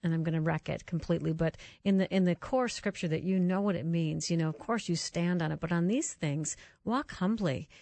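A woman's voice: fairly low pitch, fairly quick, few pauses, warm tone, dry recording. A woman hosting a Christian radio talk show, chatting earnestly and telling stories. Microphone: studio microphone.

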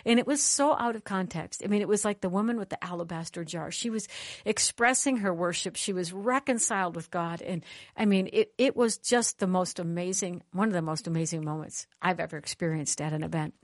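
Animated woman preaching, lowish voice. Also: a little fast, no echo, clean studio sound. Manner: animated, conversational, calls for amens. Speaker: conference speaker. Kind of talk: sermon with storytelling.

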